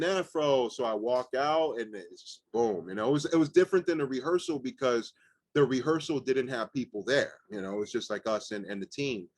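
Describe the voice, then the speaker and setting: A man's voice: fairly low pitch, no echo. Young man telling stories, dry sound. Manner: animated, swearing, many "like" fillers. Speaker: guest rapper. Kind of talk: casual storytelling interview.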